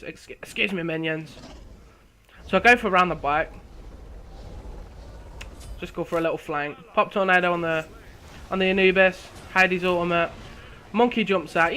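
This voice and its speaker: Young guy talking through a match, chatty and self-mocking, bright, slightly high voice. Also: slight background noise. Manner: chatty, laughs at himself, restarts words. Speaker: gameplay commentator. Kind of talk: casual game commentary.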